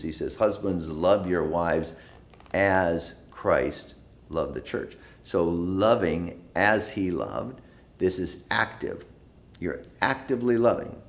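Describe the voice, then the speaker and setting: Male pastor, deep voice, unhurried, emphatic teaching delivery. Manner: slow, emphatic, repeats phrases for stress. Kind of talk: Bible study teaching.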